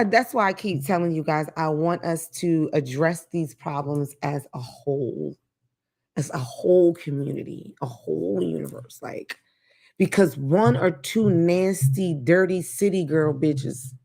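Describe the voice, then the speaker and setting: A woman's voice: deep voice, a little slow, creaky. A woman hosting her own talk show, ranting casually with blunt, profane commentary. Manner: blunt, profane, animated rants. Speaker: podcast host.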